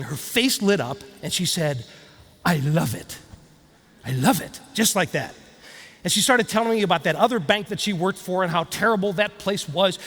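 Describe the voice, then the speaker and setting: A man with a high voice gives a lively keynote talk, telling a story and turning to the crowd with questions. His voice rings with the long reverb of a large hall. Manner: storytelling, animated, addresses audience directly. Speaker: keynote speaker. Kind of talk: motivational speech.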